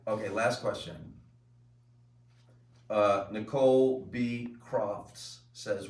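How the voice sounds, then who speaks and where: A middle-aged man hosting a casual home show, telling stories in a lively, chatty way with plenty of fillers. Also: on the low side. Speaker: host. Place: home room with family. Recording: echoey room, mic at a distance.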